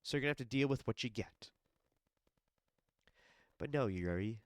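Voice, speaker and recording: Casting note: male podcast host, sick and congested, profane animated rant, smooth clear voice, dry close sound. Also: mid-range voice, moderate pace, no room sound. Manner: animated, profane, talks straight to the absent fighter. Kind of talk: casual solo podcast rant. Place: home basement studio.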